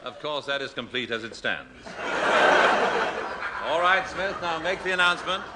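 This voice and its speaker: A man hosting and narrating a radio comedy show with droll, deadpan wordplay. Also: on the high side, normal speed, heavy background noise.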